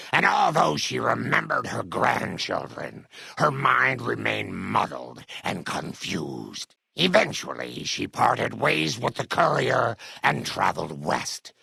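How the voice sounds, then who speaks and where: A man voicing a solemn game ending narrator, telling a sad outcome slowly. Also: mid-range voice, creaky, sharp tone, slightly rough, no room sound, heavily acted. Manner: slow, solemn storytelling.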